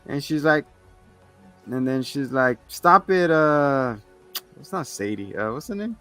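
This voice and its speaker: A man's voice: mid-range voice, expressive, measured pace, fairly bright tone, faint music behind. A man hosting a casual movie chat podcast, retelling scenes and acting out characters in voices. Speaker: podcast host. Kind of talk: casual movie review banter.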